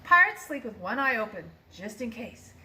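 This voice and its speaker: Lively older woman reading a storybook. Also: a little high, normal speed, slight background noise. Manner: lively, expressive read-aloud with small slips. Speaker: grandmother reading to grandchild. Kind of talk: reading a picture book aloud. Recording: roomy echo.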